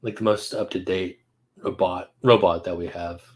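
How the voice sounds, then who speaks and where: Deep-voiced offhand male co-host. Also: steady tone, normal speed, a little mellow, poor audio. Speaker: podcast co-host. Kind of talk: casual chat.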